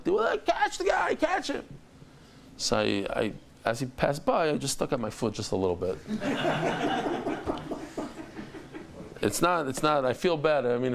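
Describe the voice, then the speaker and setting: A man's voice: mid-range voice, slight background noise. A man over fifty teaching a Talmud lesson, telling stories and acting out the dialogue with exclamations.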